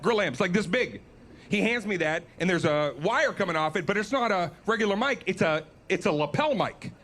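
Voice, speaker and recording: Animated high-voiced male storyteller. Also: fairly quick. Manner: animated, self-mocking, laughs at own stories. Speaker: podcast host and comedian. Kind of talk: comedic storytelling.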